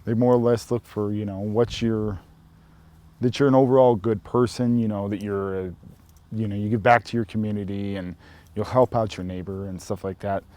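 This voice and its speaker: A man's voice: lowish voice, normal speed. Laid-back man rambling through a story. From Helena, Montana. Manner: relaxed, rambling, with many "you know" fillers. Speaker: storyteller sharing his coming-out experience. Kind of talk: casual personal storytelling.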